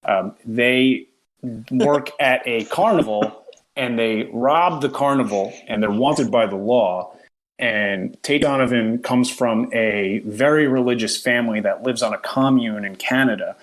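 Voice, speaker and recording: On a casual film podcast, a male co-host with a mid-range voice retells a movie's plot at a measured pace. He tells it in an animated way, laughing at the film in amused disbelief.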